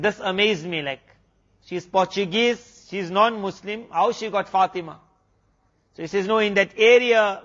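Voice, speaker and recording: Higher-voiced man telling a sermon story. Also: a bit bright, highs cut off. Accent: South African. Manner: retells a story with many quoted exchanges. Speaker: Islamic preacher.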